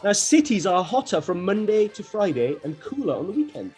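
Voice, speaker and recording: A co-host runs a school radio show, reading facts and joking with the other host. The voice sits at a middle pitch. A faint music bed plays behind it. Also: sing-song, brisk, a little mellow, breathy edge. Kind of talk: casual radio chat.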